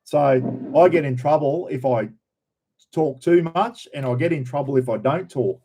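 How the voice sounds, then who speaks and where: A man's voice: fairly high pitch, unhurried, mellow. A man with an Australian accent, hosting a casual live chat about camping and greeting viewers in a rambling, folksy way. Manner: rambling, folksy, says "mate" and "bloody" a lot. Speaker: camping channel host.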